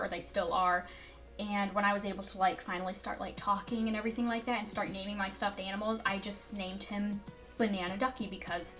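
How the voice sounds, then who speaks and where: A woman's voice: mid-range voice, fairly bright tone. A young woman vlogging casually to camera, telling rambling stories full of "like" and "um". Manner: rambling, filler-heavy storytelling with frequent "like" and "um".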